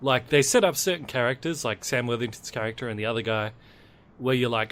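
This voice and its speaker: A man talks easily with friends on a podcast about films. His delivery is laid-back and unhurried, with a mid-range voice. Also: mid-range voice, a bit bright. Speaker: podcast co-host. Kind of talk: casual movie review chat.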